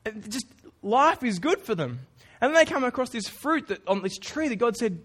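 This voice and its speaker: High-voiced earnest male preacher. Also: sing-song, moderate pace, hardly any pauses, a bit bright, husky. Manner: casual, earnest, with informal asides. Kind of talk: conversational sermon.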